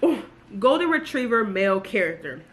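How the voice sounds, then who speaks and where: A woman giving a casual, animated book review, gushing and full of asides as she talks to her viewers. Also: fairly high pitch, normal speed.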